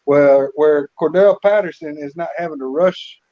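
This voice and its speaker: A man co-hosting a casual sports picks chat, relaxed and repeating words as he thinks. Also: on the high side, normal speed. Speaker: co-host. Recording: slightly dull lo-fi audio.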